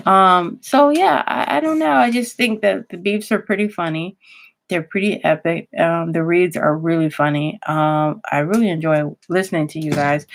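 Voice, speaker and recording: A woman talks straight into her computer microphone in a relaxed vlog, her voice sitting low with a gravelly fry. She rambles and restarts her sentences, chatty and loose as she thinks aloud. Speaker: YouTuber. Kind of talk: casual vlog chat.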